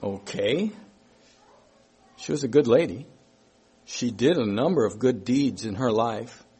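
A man preaching a sermon, slow and emphatic, repeating his key phrases as he works through a Bible verse. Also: medium pitch, warm tone, breathy edge.

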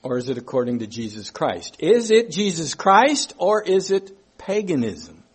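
A man preaching a sermon, slow and emphatic, repeating his key phrases as he works through a Bible verse. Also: fairly high pitch, big pitch swings, breathy edge.

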